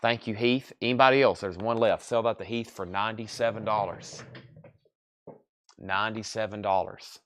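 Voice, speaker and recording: On a live online sale, a man with a fairly low voice chats in a folksy, easygoing salesman patter, sounding tired, sleepy, and yawning. His intonation is fairly even, his pace moderate, and his tone a bit bright, with a little hiss or hum in the recording. It's live auction selling.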